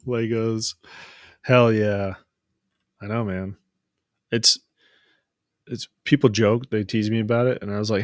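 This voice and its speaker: A man's voice: fairly low pitch, fairly even intonation, takes it slowly, long pauses, dry recording, clean studio sound. Chatty man hosting a casual hangout. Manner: chatty storyteller, laughs often, restarts mid-sentence. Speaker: host. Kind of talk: casual live-stream chat.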